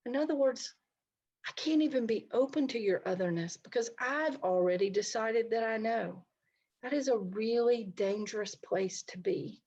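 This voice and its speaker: A woman's voice: fairly high pitch, normal speed, a little mellow, breathy edge, lo-fi sound. A middle-aged woman counselor giving an online talk, speaking conversationally and addressing her listeners directly. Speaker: licensed counselor presenting a talk. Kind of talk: online presentation to a society.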